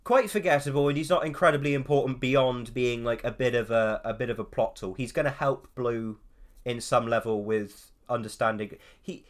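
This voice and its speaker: A man's voice: mid-range voice, fairly even intonation, normal speed. A man from England chatting casually on a judging panel, rambling through anecdotes with lots of restarts. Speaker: judge on an art contest panel. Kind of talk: casual group chat.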